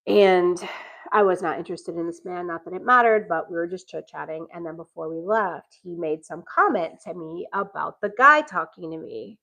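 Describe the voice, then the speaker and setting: Animated woman telling a story with laughs. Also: lowish voice, moderate pace, poor audio. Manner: animated, laughs often, acts out quoted lines. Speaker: podcast host telling a dating story. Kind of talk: casual storytelling chat.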